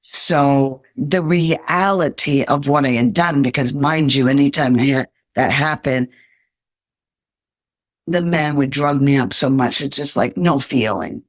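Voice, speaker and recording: A woman's voice: a bass voice, unhurried, no room sound, clean studio sound. An older woman, a podcast guest, earnestly telling her life story in an interview.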